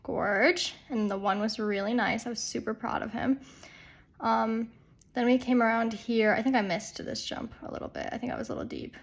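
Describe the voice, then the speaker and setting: A woman's voice: fairly high pitch, moderate pace, creaky. A young woman vlogger and rider, talking in a chatty, self-deprecating way with lots of "like". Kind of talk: casual vlog voiceover and on-camera chat.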